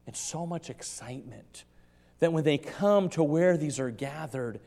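A male pastor preaching a sermon in a church, excitable and quick, stumbling and repeating words as his enthusiasm runs ahead. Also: fairly high pitch. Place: church sanctuary. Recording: long reverb of a large church hall.

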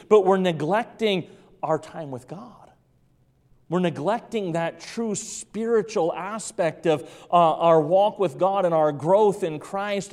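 Emphatic preacher in an echoing church. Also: male voice, sits high. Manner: emphatic, repeats key phrases, drops to soft tones. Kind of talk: evening sermon. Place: church sanctuary. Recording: long reverb of a large room.

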